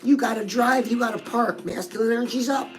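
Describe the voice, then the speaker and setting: A woman's voice: on the high side, brisk, music in the background, poor audio. A woman hosting a comedic live self-help show, chatty and sassy, who keeps calling her listener "girl".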